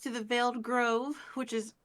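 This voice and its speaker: A woman's voice: a little high, little pitch movement, moderate pace. Giggly woman running a tabletop game. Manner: giggly, trips over words. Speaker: game master. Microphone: online voice chat.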